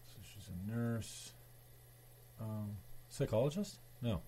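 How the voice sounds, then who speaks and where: A male host with a lowish voice rambles through casual chat on his show. He swears freely and wanders from thought to thought. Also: takes it slowly, dark tone, slight background noise. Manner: rambling, profane.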